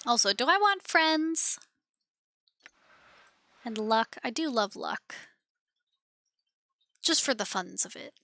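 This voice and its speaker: Playful high-voiced woman gamer. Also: big pitch swings, slow pace, long pauses, pushed and bright, no room sound. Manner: playful, chatty, reads text aloud. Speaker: streamer. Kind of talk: casual game commentary.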